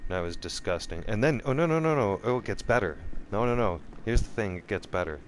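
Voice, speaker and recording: A man telling a personal story in a casual vlog, animated and profane, often repeating himself. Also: lowish voice, fairly quick, slight background noise. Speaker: vlogger.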